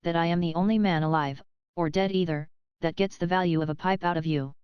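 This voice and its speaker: A woman reading the lines of a composed, strong former soldier in a storybook, speaking calmly and bluntly. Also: fairly low pitch, a little fast, smooth, no echo, highs cut off, natural voice. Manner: calm, blunt, steady. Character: gruff composed old soldier, big and strong.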